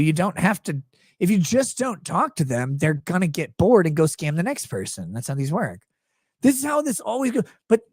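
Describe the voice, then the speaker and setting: A man hosting a law-themed livestream tells a client story with crude jokes and heavy sarcasm. His pitch swings widely as he mimics people and reacts. The sound is dry and close, with no room echo. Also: husky. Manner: animated, crude, sarcastic anecdote telling. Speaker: lawyer and livestream host.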